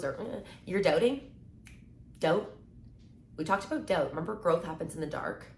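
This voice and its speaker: A young woman in her twenties talks motivation straight to camera in a chatty, upbeat way, her voice sitting a little low. She often acts out short back-and-forth exchanges and leans on "like" and "right?" as she goes. The room echoes around her, and a faint hum of ambience sits behind her voice. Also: big pitch swings, normal speed, long pauses, darkish tone. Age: 20s. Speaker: mindset content creator. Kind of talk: casual motivational talk to camera.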